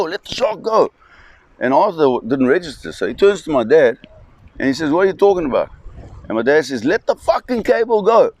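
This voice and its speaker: Low-voiced man telling a tale. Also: no room sound. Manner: animated storytelling with fillers and restarts. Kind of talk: spoken anecdote.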